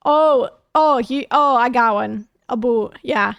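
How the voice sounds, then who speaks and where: A woman's voice: fairly high pitch, slow pace, vocal fry, fairly bright tone, clear, resonant tone, no room sound, highs cut off. A Canadian woman streamer chatting casually and joking with viewers as she reacts to videos. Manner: chatty, joking, greets viewers while watching.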